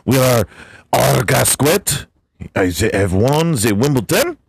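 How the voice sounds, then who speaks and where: A man's voice: medium pitch, animated, takes it slowly, gravelly, a little hiss or hum. A man voicing a boastful, pompous mock-French man as a joke on a casual podcast.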